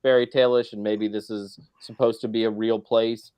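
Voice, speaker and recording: A man's voice: lowish voice, level tone, moderate pace, a little mellow, clean tone. A man on a video call panel, musing wryly and speculatively about a film in casual discussion. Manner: wry, speculative.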